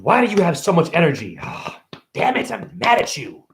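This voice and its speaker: Man live-streaming a rambling monologue; rhymes and puns, fairly high-pitched, erratic. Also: huge pitch swings, moderate pace, gravelly, slight background noise. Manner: rhyming wordplay, erratic jumps in pitch and pace. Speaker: self-styled spiritual teacher streaming live.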